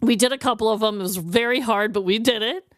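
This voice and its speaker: A woman in her thirties co-hosting a podcast, telling a story in lively casual chat, swearing and acting out the people she quotes. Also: fairly high pitch, quick pace, dry recording, clean studio sound. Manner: animated, swearing, acts out quotes. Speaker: podcast co-host.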